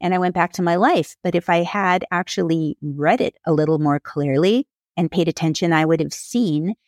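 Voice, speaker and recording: A woman's voice: on the low side, moderate pace, a little mellow, dry recording, studio quality. A woman from California, a memoir author, candidly telling her own story as a podcast guest, lifting her voice when she quotes others. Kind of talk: personal storytelling in a podcast interview.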